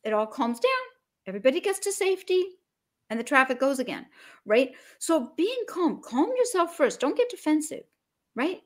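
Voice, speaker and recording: A woman business coach talking as a podcast guest, energetic and emphatic, acting out little scenes as she explains. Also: high-pitched, normal speed.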